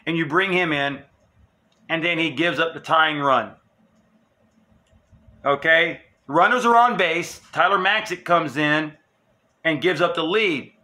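A man's voice: on the high side, unhurried, long pauses, pushed and bright. A man hosting his own sports channel, delivering a heated, emphatic, profane fan rant.

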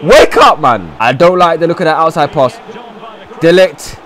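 A young man giving loud, swearing live commentary over a football video game, swinging from shouts to low mutters. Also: expressive, moderate pace. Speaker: gaming streamer.

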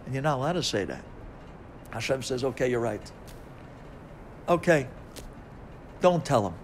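A man's voice: medium pitch, lively intonation, moderate pace, a little hiss or hum. Preacher, male rabbi, fervent sermon delivery, mid-range voice. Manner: impassioned, swings from hushed to shouting.

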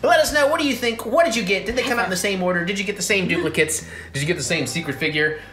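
A man's voice: sits high, expressive, very fast, bright, forceful tone. A man hosting a casual toy unboxing with his partner, joking and poking fun at himself. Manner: goofy, joking, self-mocking. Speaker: host.

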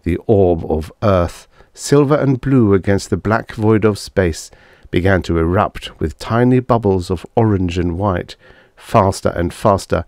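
Low-voiced man narrating a story. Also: darkish tone, no room sound, clean studio sound. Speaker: audiobook narrator. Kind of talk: scripted narration.

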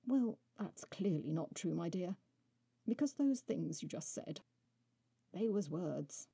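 A woman voicing a male winged horse-like beast in a storybook reading, speaking slowly and teasingly. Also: on the low side, lively intonation, creaky, dark tone, slightly rough, no echo, exaggerated voice. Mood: drawling, mocking.

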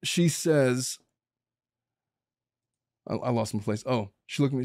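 A man's voice: medium pitch, slow pace, a little mellow, dry recording, studio quality. A man hosting a podcast as a lawyer, talking through a case in a blunt, opinionated and emphatic way. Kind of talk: casual legal commentary chat.

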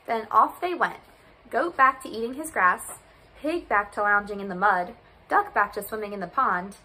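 Bright, lively woman reading to children. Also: medium pitch, normal speed, poor audio. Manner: expressive, lively storytelling. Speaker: volunteer reader. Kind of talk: children's storybook read-aloud.

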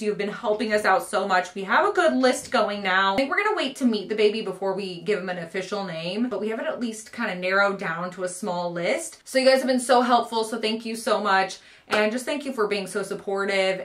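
A woman's voice: mid-range voice, fairly bright tone. A young woman, talking to camera in a casual home vlog, bubbly and gushing with frequent laughs. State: pregnant. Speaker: vlogger showing a baby haul.

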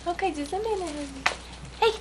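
A woman talks baby talk in a bright, very high register, stretching words into a sing-song coo. The tape carries a clear hiss, like an old home camcorder. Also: quick pace. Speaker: mother.

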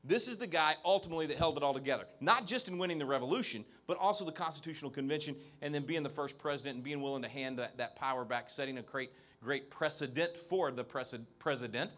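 A man's voice: fairly high pitch, fast, hardly any pauses, a bit bright. A man giving a keynote speech to an evening event audience into a handheld microphone, talking with emphasis and frequent restarts. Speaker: keynote speaker. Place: event venue, in front of an audience.

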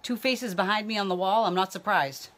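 A woman's voice: mid-range voice, a little fast, a bit bright. Lady medium doing readings on a livestream, rambly and chatty, calling out names as she goes. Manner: chatty, rambling, calls viewers by name; talks while a baby tugs at her hair. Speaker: psychic medium. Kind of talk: live-streamed reading, chatting with viewers.

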